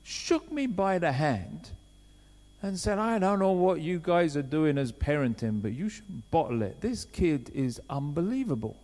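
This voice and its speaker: Man preaching, chatty then urgent; somewhat high voice, echoing hall. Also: big pitch swings, a little slow. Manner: conversational, swings from quiet asides to loud urgent appeals. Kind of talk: sermon. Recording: long hall reverb.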